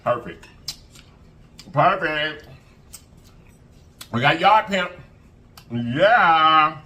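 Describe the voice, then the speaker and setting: Speaking extremely slowly in a voice on the high side, a man runs a mukbang and chats casually to viewers. He's animated and sing-song, hyping things up and humming often as he eats.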